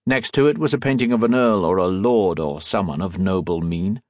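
A man reading a novel aloud as an audiobook narrator, with expressive storytelling. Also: low voice, moderate pace, dry recording. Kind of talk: scripted narration.

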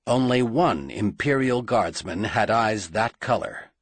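A man narrating an audiobook in measured, dramatic storytelling. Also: fairly low pitch, lively intonation, no room sound, clean studio sound.

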